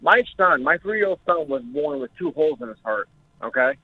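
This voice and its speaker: Speaking through a phone, the young caller's voice is fairly high and expressive at normal speed. He tells the talk show about what happened to him in a jittery, emotional way, swearing often, and the line sounds tinny.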